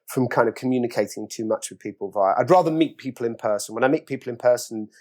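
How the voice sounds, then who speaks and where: A middle-aged English-accented actor tells anecdotes in a casual interview, acting out quoted voices with big jumps in pitch. He talks quickly in a slightly mellow voice.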